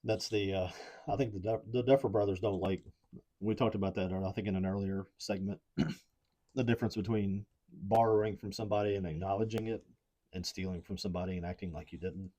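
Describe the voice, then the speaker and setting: A very low-voiced man from Appalachia co-hosts a podcast in loose, rambling chat. He talks at an easy pace, hunting for words and padding his speech with fillers. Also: brisk. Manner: relaxed, rambling with many fillers. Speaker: podcast co-host. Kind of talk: casual chat.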